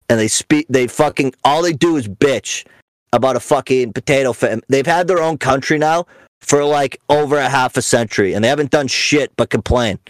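A man's voice: mid-range voice, a little fast, dry recording. Young male podcast host, swears a lot, rambling mocking rant, dry close sound. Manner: profane, rambling storyteller; mocking, ranting. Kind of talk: casual podcast chat.

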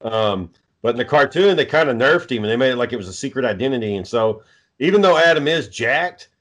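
A man's voice: mid-range voice, expressive, a little fast, a bit bright. A man chatting casually with friends, rambling and swearing freely, with lots of ums and restarts. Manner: rambling, profane, many fillers. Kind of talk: casual chat.

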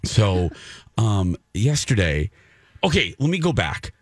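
A male radio host tells a story in a casual way, acting out his own reactions. His pitch swings widely. The studio sound is dry and close. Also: very animated, slow pace, dry recording.

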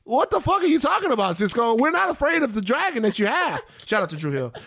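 A middle-aged man co-hosting a podcast, chatting in an animated, joking way and often repeating himself. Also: very high-pitched, fast talker, gravelly, dry recording, clean studio sound. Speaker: podcast co-host. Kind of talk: casual chat.

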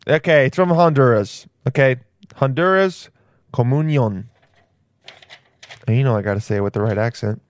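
A man's voice: mid-range voice, expressive, quick pace, few pauses. A man hosting his own podcast, rambling casually in slang and calling the listener "dude". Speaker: podcast host. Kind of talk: casual solo podcast monologue.

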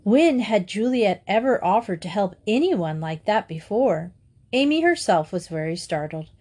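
Woman storybook narrator, measured, calm. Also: mid-range voice. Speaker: audiobook narrator.

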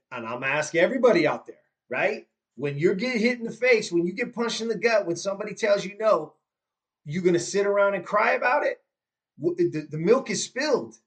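Man, 50, podcast guest; lively storyteller, voice a touch high, loops back on his words. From Southern California. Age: 50s. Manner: animated, repeats himself when moved, acts out his mom's lines.

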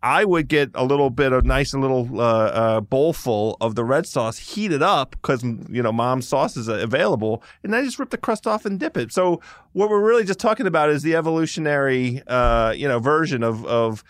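A man's voice: mid-range voice, animated, normal speed, dry recording, studio quality. A middle-aged man hosting a casual food chat, rambling and hesitant with many restarts. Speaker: podcast host.

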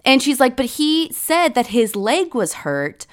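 A woman's voice: high-pitched, unhurried. A woman co-hosting a podcast in a casual chat, telling stories animatedly and acting out what people said. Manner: animated, acts out quoted dialogue, frequent "like". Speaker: podcast co-host.

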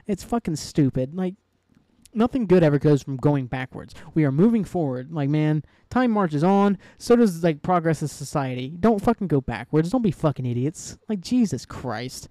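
A man's voice: on the high side, expressive, normal speed, dark tone, no room sound. A man hosting his own solo podcast, talking casually and ranting heatedly, swearing a lot and rambling with many fillers. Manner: heated, profane, rambling with frequent "like". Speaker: podcast host.

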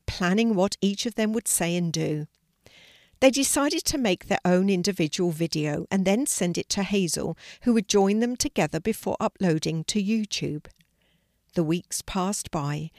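An older woman narrating a children's story in a calm, even reading voice. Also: fairly low pitch, dry recording. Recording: dry close recording.

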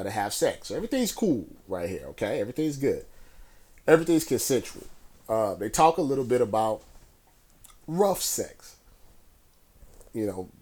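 A man with a somewhat low voice talks through current events on his own. He rambles in a relaxed, conversational way, with plenty of fillers and restarts. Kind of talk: casual solo commentary.

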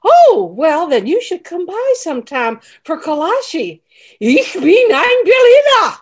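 A shrill, gushing speed dater. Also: female voice, big pitch swings, takes it slowly, heavily acted. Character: gushing high-strung woman at speed dating. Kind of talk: comedy sketch character.

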